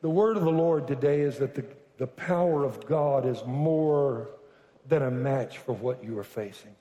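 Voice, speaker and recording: A man preaching a sermon to a congregation, building from slow, deliberate lines up to shouted declarations. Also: mid-range voice, lo-fi sound. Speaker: pastor. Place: large church hall. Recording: echoey hall from far off.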